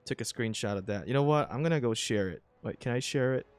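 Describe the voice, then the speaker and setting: A man casually commenting on his own gameplay, excitable and swinging between grumbling and thrilled. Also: medium pitch, fast talker, clean tone, no room sound, soft background music.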